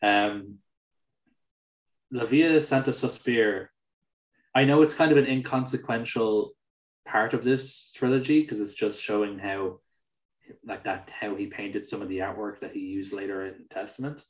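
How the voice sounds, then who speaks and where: A man's voice: lowish voice, fairly even intonation, measured pace, reverberant, rough recording. A man co-hosting a film podcast, talking casually and animatedly, swearing and acting out mocking quotes. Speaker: podcast co-host.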